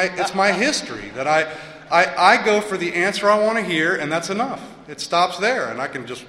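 A man sharing at a recovery meeting, talking haltingly and often repeating words and restarting his sentences. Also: high voice, lively intonation, pushed and bright, slight background noise. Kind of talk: personal share with a told joke. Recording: echoey hall with long reverb.

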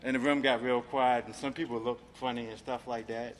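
A man's voice: medium pitch, flat delivery, a little fast, in a large hall, a little hiss or hum. A man from Maryland giving a personal recovery testimony, streetwise and profane, filling his talk with "man". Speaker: recovery speaker.

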